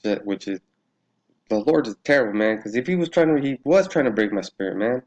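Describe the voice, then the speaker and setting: A man's voice: medium pitch, lively intonation, a little fast, darkish tone. A man talking casually through a Bible study in his own video, loose and swearing, laughing and thinking aloud as he reads. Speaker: religious vlogger.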